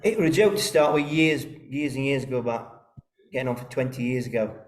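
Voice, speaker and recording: A man's voice: medium pitch, expressive, fairly quick. A man, a band's lead singer telling rambling anecdotes in a casual interview from a rehearsal room. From East Midlands, England. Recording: roomy rehearsal room echo.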